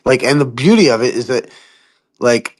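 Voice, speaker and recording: A man chatting casually on a podcast, swearing often and jumping into high-pitched impressions of other people. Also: normal speed. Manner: profane, animated, mimics people in high voices. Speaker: podcast host. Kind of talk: casual chat.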